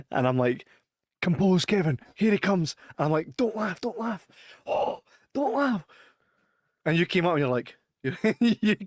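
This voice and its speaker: A man's voice: mid-range voice, no echo. Scottish male co-host, giggly storyteller, dry booth sound. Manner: laughs through his stories, shrieks impressions. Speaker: podcast co-host. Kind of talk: casual chat.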